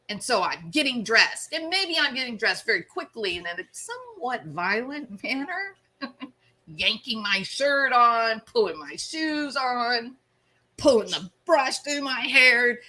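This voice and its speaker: Give me an animated woman telling a self-mocking story at an unhurried pace. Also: a little high. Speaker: channel host. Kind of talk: storytelling commentary.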